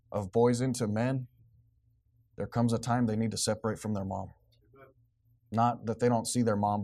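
A man, preaching a blunt, emphatic sermon as pastor. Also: fairly low pitch. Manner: blunt, emphatic preaching, grows loud and animated.

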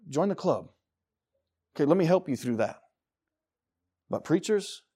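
A man preaching a sermon to his congregation in church, swinging from loud declarations to quiet, low asides. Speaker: pastor.

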